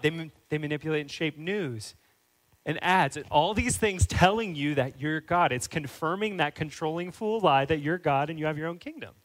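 A pastor's sermon starts out earnest and rises into urgent, fervent questioning, delivered in a fairly raised, higher voice. The sound is slightly bright, and the audio quality is poor.

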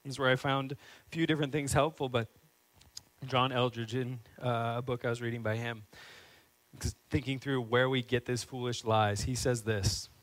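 A man's voice: medium pitch, level tone, normal speed, a bit bright, poor audio. A man preaching a sermon as a pastor, earnest and building into fervent, emphatic questions.

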